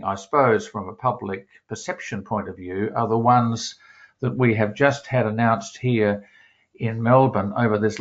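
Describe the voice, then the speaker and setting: A man giving an academic talk as a guest speaker, measured and full of fillers and restarts. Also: lowish voice. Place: home office in Melbourne. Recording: dull lo-fi video call audio.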